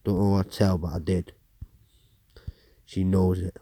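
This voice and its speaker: Podcast guy reading the news, swears a lot, slow and kinda low, dry sound. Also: level tone, dark tone, dry recording. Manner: blunt, sweary, rambling commentary. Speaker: podcast host. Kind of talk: reading news aloud with crude asides.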